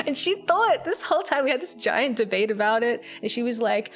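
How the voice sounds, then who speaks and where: A woman's voice: a little high, big pitch swings, fairly quick, hardly any pauses, fairly bright tone. A woman streamer recapping a game in casual, chatty storytelling, often breaking into giggles. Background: faint background music.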